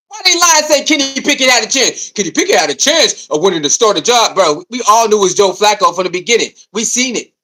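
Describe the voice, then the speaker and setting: A man's voice: very high voice, quick pace, hardly any pauses, poor audio. A man giving a heated, mocking sports rant, often acting out other people's voices in asides. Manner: animated, mocking, mimics coaches in asides. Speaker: sports commentator.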